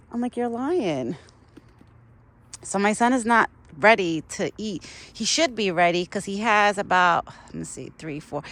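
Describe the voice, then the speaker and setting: A woman's voice: mid-range voice, a bit bright. A young woman chatting casually and rambling as she feeds a deer outdoors in the cold, laughing often. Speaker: vlogger feeding a wild deer. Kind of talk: casual outdoor vlog chat.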